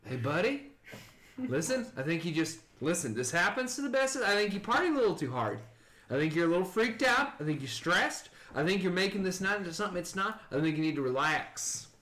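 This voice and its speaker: A man's voice: high-pitched, very animated, a little fast, pushed and bright, reverberant, full character voice. A man voicing a laid-back male party bro who talks in an easygoing, slangy, soothing way. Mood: calming.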